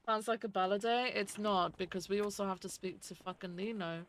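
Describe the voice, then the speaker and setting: A woman streams a police role-play game as a police lieutenant, greeting viewers by name, chatting loosely, and swearing freely, and she feels she is losing her voice. Her medium-pitched voice is brisk and a bit bright, with faint music behind.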